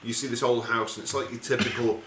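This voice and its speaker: A man's voice: mid-range voice, steady tone, fast, a bit bright. A man running a tabletop game as game master, narrating casually with loose, rambling asides and swearing. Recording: echoey room with faint noise.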